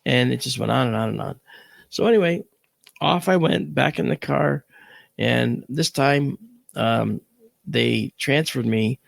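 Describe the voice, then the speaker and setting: A man, an astronomer, telling a vivid personal story and acting out the shouts of the people in it. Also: mid-range voice, measured pace, vocal fry, dry recording. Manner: vivid, acts out quoted shouts, swears.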